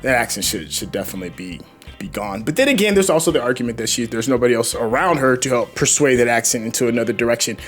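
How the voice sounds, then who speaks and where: A man hosting a casual TV episode review, talking in an animated, opinionated way and asking his co-host questions. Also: medium pitch, quick pace, soft background music. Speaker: show host reacting to a TV episode.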